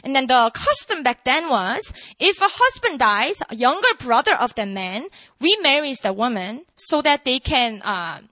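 A woman preaching a sermon to a room, emphatic and animated, asking her listeners rhetorical questions. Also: sits high, measured pace, dry recording. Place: room with an audience.

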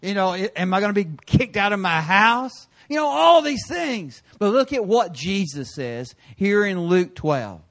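Middle-aged male pastor, unhurried sermon delivery, acts out the people in his stories. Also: high-pitched, sing-song. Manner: storytelling, acts out voices with bursts of shouting.

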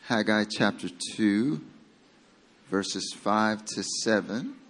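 A man's voice: lowish voice, expressive, slow, a bit bright. A man with a Southern American accent preaching a sermon as pastor, talking casually and joking with his congregation. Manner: casual and self-deprecating, with a joking aside.

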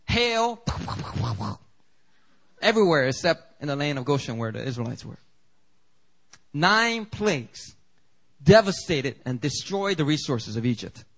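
Lively, conversational male preacher. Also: on the high side, low-quality recording. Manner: animated, conversational preaching with quick asides. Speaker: pastor. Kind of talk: sermon. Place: church sanctuary.

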